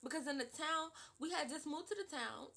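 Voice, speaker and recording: A young woman in her twenties tells a story in a casual vlog, with a bright, forceful tone. She sits a little high in pitch and speaks in an animated, emphatic way, padding her lines with repeated fillers. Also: brisk, creaky. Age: 20s. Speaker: vlogger.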